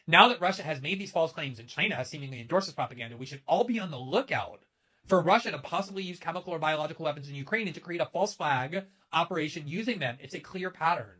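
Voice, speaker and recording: A man's voice: fairly high pitch, sharp tone. A man delivering an emphatic, sharply critical political commentary to camera. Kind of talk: scripted commentary video.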